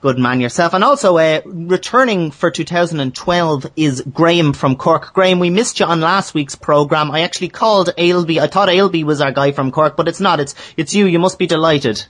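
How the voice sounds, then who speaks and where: A man from Ireland runs a casual sports talk show. He moves easily between his guests with a chatty interviewer's manner. His voice sits a little higher than most men's. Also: normal speed, hardly any pauses, a bit bright. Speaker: radio show host.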